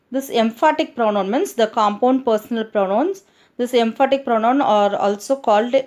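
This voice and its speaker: A woman with an Indian English accent teaches a grammar lesson to children. Her voice sits a little high. She goes over each point more than once and keeps asking the children to look at the examples. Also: a little mellow. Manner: repeats points, addresses children.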